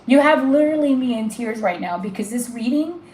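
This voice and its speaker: A woman's voice: on the high side, lively intonation, fairly quick, darkish tone, echoey room, poor audio. A woman giving a live tarot reading, gushing and emotional as she talks straight to the viewer. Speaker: tarot reader.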